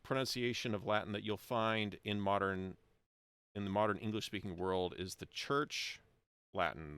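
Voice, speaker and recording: Deep, gravelly, rambling American man. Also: fairly bright tone, no echo. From United States. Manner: rambling, self-correcting, chuckles often. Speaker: livestream host reading and discussing historical texts. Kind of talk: casual livestream commentary.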